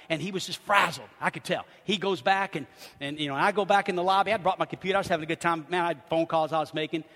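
A man preaching a sermon as pastor, telling humorous, animated stories with bursts of laughter. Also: on the high side, very fast. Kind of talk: lively sermon storytelling. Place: church sanctuary. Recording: hall reverb in a church.

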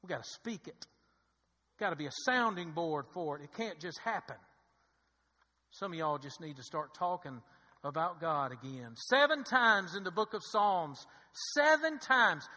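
A pastor, a man with a very high, piercing bright voice, preaching with emphatic repetition and calls for amens. He swings from loud exhortation down to hushed intensity. His voice rings through a church hall with a long reverb. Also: animated, a little slow. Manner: emphatic, repetitive preaching with call-and-response "amen". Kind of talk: sermon. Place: church sanctuary.

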